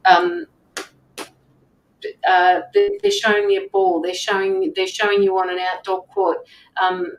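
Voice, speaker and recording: Lively, earnest woman tarot reader. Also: medium pitch, creaky, recorded from a distance, slight background noise, low-quality recording. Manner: earnest, repeats herself, checks in with "right?". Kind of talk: live-stream reading, casual coaching talk.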